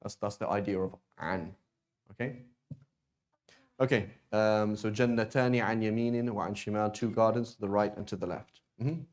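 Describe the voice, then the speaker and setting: A man's voice: on the low side, fairly even intonation, fairly quick, a little mellow. A man teaching a beginners' Arabic class, explaining casually with frequent restarts and "right?" checks. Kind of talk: classroom lesson.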